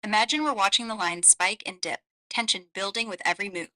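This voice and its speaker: A woman's voice: medium pitch, brisk, bright, forceful tone, close to an everyday voice, rough recording. A synthetic female AI voice playing a flirty, seductive female companion who murmurs teasing lines. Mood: sultry, teasing. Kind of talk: AI voice role-play.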